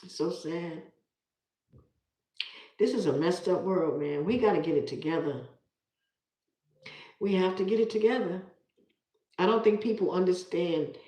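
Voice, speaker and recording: A middle-aged woman talks casually on a live stream, emphatic and a little preachy, circling back to repeat her points. Her voice sits slightly low. The room around her rings with echo. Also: a little mellow. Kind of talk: casual live-stream talk, reading viewer comments. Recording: roomy echo.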